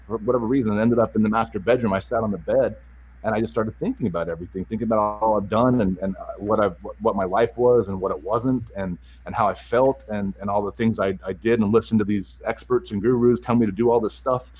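A man candidly telling a personal story, halting and repeating words as he restarts his sentences. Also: fairly low pitch, darkish tone, husky, poor audio.

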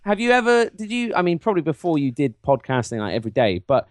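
A man's voice: a little high, sing-song, fast talker, no echo, studio quality. A man with a West Country English accent co-hosting a podcast, chatting playfully and boasting jokingly. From England. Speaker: podcast co-host. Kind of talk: casual podcast banter.

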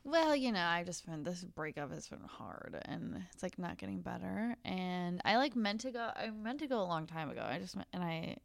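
A woman's voice: on the low side, very animated, normal speed, vocal fry, hardly any pauses, no echo. A woman hosting a podcast, chatting candidly and laughing often as she acts out quotes. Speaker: podcast host. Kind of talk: casual chat.

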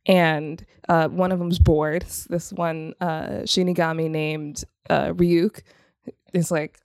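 A woman in her thirties co-hosting a podcast, chatting casually, excitable and laughing often. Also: deep voice, takes it slowly, no room sound, studio quality. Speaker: podcast co-host. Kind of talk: casual chat.

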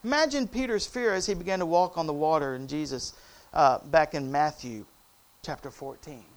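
A man preaching a sermon, calling on the congregation and swinging between loud cries and hushed, quiet passages. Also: on the high side, normal speed. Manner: call-and-response preaching, rising to loud cries and dropping to hushed tones.

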